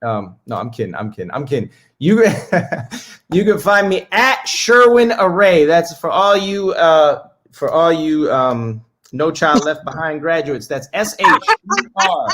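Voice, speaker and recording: High-voiced man telling profane jokes. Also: a little slow, low-quality recording. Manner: animated storytelling with put-on voices; profane, joking. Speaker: comedian guest. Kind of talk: casual comedic chat. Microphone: video call.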